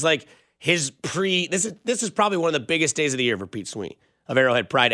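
A man's voice: medium pitch, bright, forceful tone, no echo, clean studio sound. A young man hosting a sports radio show, chatting and telling rambling stories in a casual way. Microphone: studio microphone.

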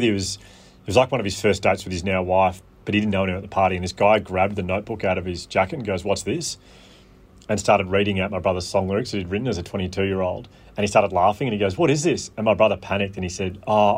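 An Australian man chatting as a podcast guest, telling stories animatedly with quick asides. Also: deep voice. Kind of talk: casual chat.

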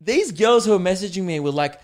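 A man's voice: high voice, expressive, a little fast, a little mellow. A young man hosting his own podcast as a comedian, rambling casually, swearing often and laughing at his own stories. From Australia. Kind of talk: casual solo podcast chat.

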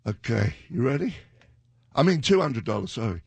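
A man hosting a music radio show with a gravelly, husky voice, rambling and chuckling between song titles in a radio studio. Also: mid-range voice, big pitch swings, normal speed, dry recording. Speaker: radio DJ host. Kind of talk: casual radio chat.

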